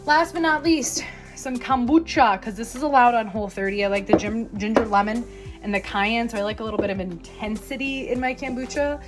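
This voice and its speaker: A woman's voice: a little high, music in the background. A young woman chiropractor from Minnesota, chatting enthusiastically in her kitchen as she unpacks her groceries. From Minnesota, USA. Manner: chatty and enthusiastic, drawn-out words. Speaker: chiropractor vlogger. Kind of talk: casual kitchen vlog. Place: home kitchen.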